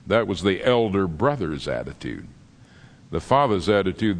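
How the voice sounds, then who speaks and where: A male preacher gives an animated sermon, his pitch leaping up and down as he tells stories and stops for dramatic pauses. His voice rings out with a long, hall-like reverb, as if he is recorded in a large church sanctuary.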